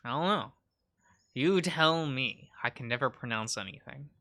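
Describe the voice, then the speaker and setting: A man's voice: on the high side, animated, a little slow, pushed and bright. A man hosting a let's play, giving casual game commentary with playful, self-mocking asides.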